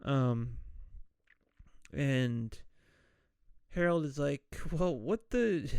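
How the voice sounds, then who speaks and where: A man's voice: mid-range voice, animated, drawn-out words, pauses often, a little mellow, clean tone, dry recording, studio quality. A man hosting a podcast, casually recapping a film scene by scene and mimicking the characters' voices as he goes. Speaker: podcast host. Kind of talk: casual movie recap with acted-out quotes.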